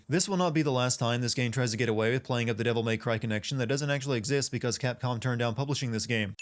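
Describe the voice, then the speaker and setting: An American man hosting a comedic game commentary with sarcastic, deadpan snark. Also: medium pitch, a little hiss or hum. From United States. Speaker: host.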